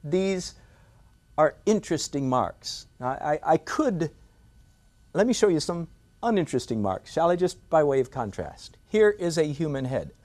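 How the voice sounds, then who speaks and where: A man's voice: fairly high pitch, sing-song, unhurried, darkish tone. An older man teaching a drawing lesson in a studio, playful and self-mocking with rhetorical asides. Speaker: art instructor.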